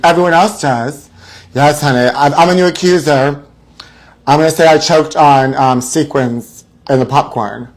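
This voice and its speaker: A man's voice: mid-range voice, normal speed. A man hosting a live celebrity gossip show, theatrical and mock-frightened, calling his viewers honey. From Los Angeles area.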